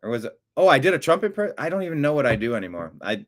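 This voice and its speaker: A man hosting a talk show, giving rambling, opinionated political commentary that swings from mutters to loud outbursts. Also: medium pitch, sing-song, very fast.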